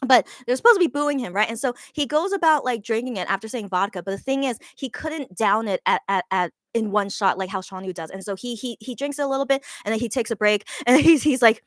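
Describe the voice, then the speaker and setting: Excitable woman rambling about a show she saw, lots of likes and ums, kinda high voice. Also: quick pace, few pauses, no room sound, clean studio sound. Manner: gushing, rambling, many fillers and restarts. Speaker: vlogger recapping a live show. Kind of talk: casual recap.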